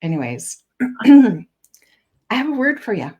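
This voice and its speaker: A woman co-hosting a podcast, chatting in a relaxed, animated way. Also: a little high, takes it slowly, breathy edge. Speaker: podcast co-host. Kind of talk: casual conversation.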